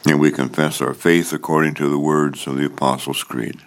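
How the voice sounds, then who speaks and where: Male pastor, extremely deep voice, solemn liturgical reading. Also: level tone. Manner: formal measured liturgical reading; solemn intoning of prayers and scripture. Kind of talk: liturgical church service.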